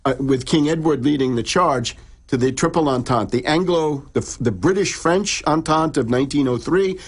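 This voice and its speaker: This man speaks with a fairly high, slightly rough voice. In a lecturing style of conversation, he explains history at great length, often restarting and leaning on fillers as he halts along.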